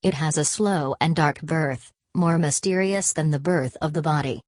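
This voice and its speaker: A woman's voice: low voice, moderate pace, darkish tone, no echo, lightly acted. Woman reading as a proud young male student.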